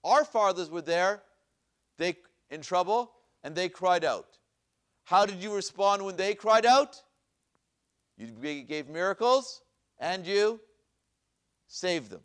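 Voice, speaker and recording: A man's voice: sits high, lively intonation, takes it slowly, pauses often, smooth. Rabbi lecturing, quizzing his class. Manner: asks questions and repeats them, reads Hebrew verses aloud. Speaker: rabbi teaching a Bible class. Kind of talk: classroom lecture with questions to the audience. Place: synagogue classroom.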